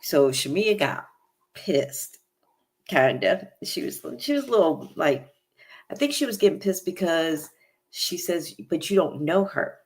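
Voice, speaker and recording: A woman's voice: lowish voice, animated, measured pace, darkish tone. A woman hosting a casual reality TV recap, chatty and opinionated, with many fillers. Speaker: recap show host.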